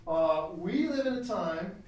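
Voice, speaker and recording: A man teaching a Christian class in a lecture style that is chatty and animated, with asides, recorded from a distance in a classroom. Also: sits high, takes it slowly. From United States. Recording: very echoey room, mic at a distance.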